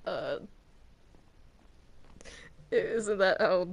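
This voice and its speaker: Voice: mid-range voice, animated, drawn-out words, creaky, lo-fi sound, full character voice. A player doing a hesitant, placating courtroom lawyer. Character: flustered courtroom lawyer keeping order. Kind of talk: casual game role-play.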